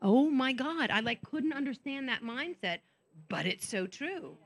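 A woman's voice: sits high, animated, a little slow. A woman speaking at a women's conference. She tells candid, self-mocking stories and acts out the voices of the people she quotes. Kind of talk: conference talk.

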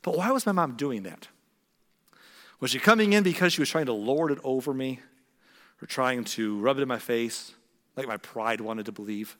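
A man's voice: medium pitch, expressive, moderate pace. Earnest preacher man in echoing hall. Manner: earnest, storytelling, drops to hushed tones for emphasis. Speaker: pastor. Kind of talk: sermon. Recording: long reverb in a large hall.

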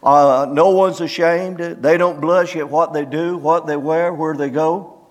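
Pastor guy preaching, lots of uh's, bit high voice, big hall echo. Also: steady tone. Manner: many "uh" fillers, slow emphatic reading of scripture. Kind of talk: sermon.

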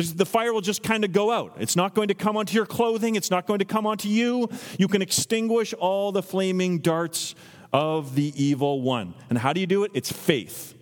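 A man in his thirties preaching a sermon as a pastor, teaching earnestly and acting out quotes in lively voices. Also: high voice. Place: church sanctuary. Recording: long reverb from a church hall.

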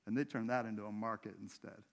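A man's voice: lowish voice, steady tone, fast, vocal fry. A man preaching a sermon in a church, in a conversational way, putting questions to the congregation. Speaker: pastor.

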